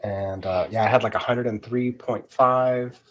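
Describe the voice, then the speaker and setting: A man co-hosting a podcast in casual chat, talking plainly and hesitantly with many pauses. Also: medium pitch, fairly even intonation, highs cut off. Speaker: podcast co-host.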